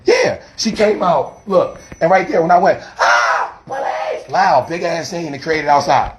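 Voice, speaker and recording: Street preacher, male, slightly high voice, heated and defensive on phone video. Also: expressive, moderate pace, very noisy. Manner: agitated, rambling and defensive, often turning to plead with older women. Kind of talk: heated confrontation filmed on camera.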